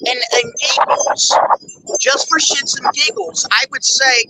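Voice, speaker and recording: A man's voice: extremely high pitch, unhurried, gravelly, sharp tone, a little hiss or hum, low-quality recording. A male host telling a rambling, indignant story in a casual chat, full of fillers. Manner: blunt and indignant. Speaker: show host.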